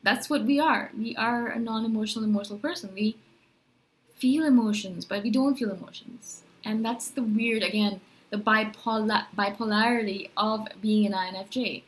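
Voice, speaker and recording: A woman vlogger talking casually to camera, rambling and animated, full of "like" and self-questions. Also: medium pitch, moderate pace. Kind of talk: casual talking-head monologue.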